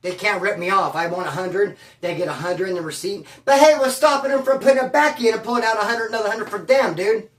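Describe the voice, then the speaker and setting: Speaking fast with few pauses, this ex-inmate from California spins casual, profane tales full of slang in a high, fairly bright voice. The recording is echoey, with his voice coming from a distance.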